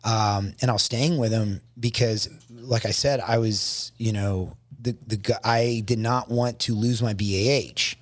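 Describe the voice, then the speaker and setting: Shaken guy on a podcast, low voice, keeps restarting sentences, dry sound. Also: steady tone, no room sound. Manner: halting, with many restarts. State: shaken, emotional. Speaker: podcast guest. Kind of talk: emotional storytelling in a podcast interview.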